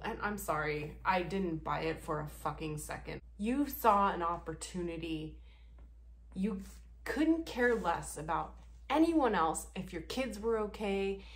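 A woman's voice: medium pitch, animated, measured pace. A woman vlogger giving casual reaction commentary, sarcastic and profane, laughing often.

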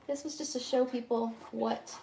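A woman's voice: on the high side, steady tone, moderate pace, gravelly, noisy background. A middle-aged woman, chatting casually and rambling to live-stream viewers while teaching painting.

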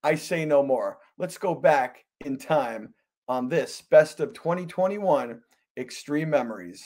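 A man's voice: fairly high pitch, lively intonation, unhurried, a little mellow. A man hosting a wrestling podcast, talking in a theatrical, hyped-up way and chatting with his producer. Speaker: podcast host. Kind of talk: energetic show hosting.

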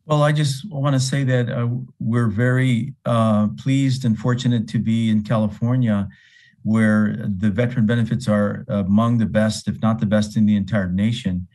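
A man who represents veterans services, speaking in a calm, measured, plain way. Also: fairly low pitch.

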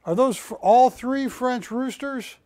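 Slow-talking folksy TV sales host, man. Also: very high-pitched, warm tone, no echo. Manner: folksy, joking, pushy salesman. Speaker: shopping channel host. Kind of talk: live TV sales pitch.

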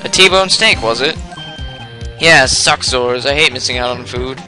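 A man's voice: mid-range voice, a little slow, pushed and bright, soft background music. A man putting on a smug nerdy creator. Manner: slangy internet-speak, smug and drawling. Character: nerdy adult male TV show creator, smug.

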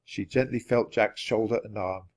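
A man reading a children's chapter book aloud at a steady, natural pace. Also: lowish voice, normal speed. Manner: steady, clear read-aloud pacing. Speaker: storybook reader. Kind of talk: children's storybook narration.

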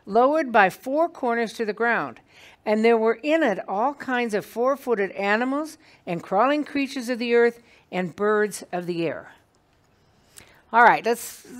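Animated woman teaching a Bible class. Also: a little high. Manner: animated, conversational, asks the class questions. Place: meeting room with a small class.

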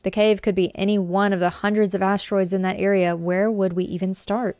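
A woman's voice: mid-range voice, flat delivery, a little fast, darkish tone, natural voice. A woman voicing an earnest, defensive young nobleman explorer from a game, reading his lines aloud. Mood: indignant. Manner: pleading then indignant.

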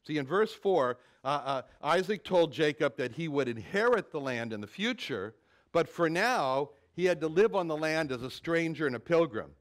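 A man preaching a Bible sermon with a fairly high voice. He turns animated and dramatic when he quotes scripture. He often repeats words as he gathers his thoughts. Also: normal speed. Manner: repeats words while thinking. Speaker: pastor.

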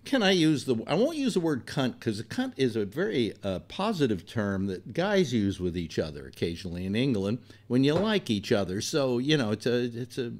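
A man's voice: medium pitch, big pitch swings, moderate pace, few pauses, darkish tone. An older man hosting a talk show, telling a rambling personal story in a blunt, profane, exasperated way. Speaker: radio talk host.

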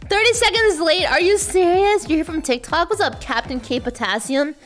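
A woman livestreamer chatting casually with her viewers, hyper and playful, often breaking into shouts and laughter. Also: extremely high pitch, moderate pace, faint music behind.

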